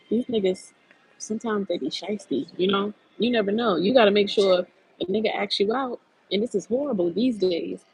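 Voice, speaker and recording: A woman venting on her live stream, blunt and liberally profane. Her voice is husky and rough-edged throughout. She talks like she's catching up with friends, animated and unfiltered. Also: medium pitch, poor audio. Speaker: lifestyle channel host on a live stream. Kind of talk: casual rant on a live stream.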